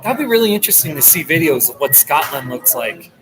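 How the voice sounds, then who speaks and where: Crowd noise and poor audio surround this fast, very animated, slightly high male voice. He is an American vlogger from the New Jersey and New York area, chatting casually and rambling on a coffee-shop live stream through a held-up laptop, laughing frequently.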